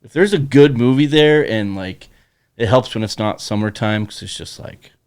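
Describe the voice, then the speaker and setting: A man co-hosting a podcast in casual chat, teasing and relaxed. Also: mid-range voice, moderate pace, smooth, no echo, clean studio sound. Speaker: podcast co-host. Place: Bismarck, North Dakota.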